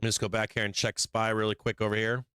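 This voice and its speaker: A hoarse man hosting a live market stream, reading headlines and cursing bluntly about the charts. His voice sits fairly low yet stays clean and resonant. The sound is dry and close, with no room around it. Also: little pitch movement, fast talker, bright, forceful tone, no echo. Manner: blunt, profane, reads headlines aloud. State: losing his voice. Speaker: stock market livestream host. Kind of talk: casual market commentary with profanity.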